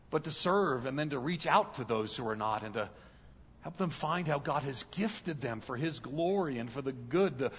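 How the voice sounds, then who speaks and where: A guest pastor preaching a sermon in a large church, telling stories and building to loud, fervent peaks. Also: male voice, mid-range voice, slightly rough, long reverb tail, dull audio.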